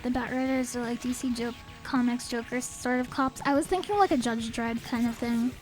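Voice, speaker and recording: Brief: bright, high-pitched woman game streamer, rambling and playful, slightly sniffly. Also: moderate pace, low-quality recording. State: a little sniffly. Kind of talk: casual game stream chat. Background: faint game music.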